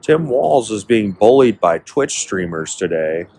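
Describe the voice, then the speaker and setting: A low-pitched man hosts a podcast in loose, casual chat, riffing through profane, rambling stories. He's from Northern California, and a faint hum of ambient noise sits behind his voice. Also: sing-song, unhurried, vocal fry, a little mellow. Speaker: podcast host.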